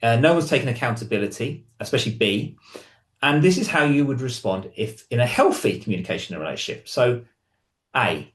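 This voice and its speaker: A man's voice: medium pitch, lively intonation, fairly quick, reverberant. A male hypnotherapist speaks to camera in a teaching manner. He works through examples and changes his tone to read out sample lines. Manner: explanatory, reads example lines aloud in different tones. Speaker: hypnotherapist and relationship counsellor. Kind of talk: explaining to camera.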